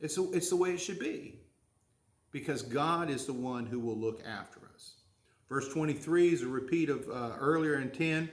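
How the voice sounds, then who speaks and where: A man's voice: on the high side, moderate pace, reverberant. A man, preaching a sermon in a folksy, conversational way, full of questions to the congregation. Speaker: pastor.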